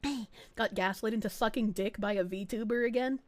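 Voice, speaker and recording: A young adult woman VTuber streamer giving crude, excitable reaction commentary and laughing often. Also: on the high side, moderate pace.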